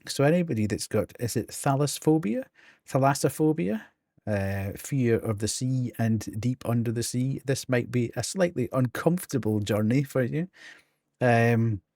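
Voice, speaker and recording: A man's voice: on the low side, darkish tone, no room sound, clean studio sound. A middle-aged man with a Geordie accent, chatting casually on a live game stream, laughing often between ums and restarts.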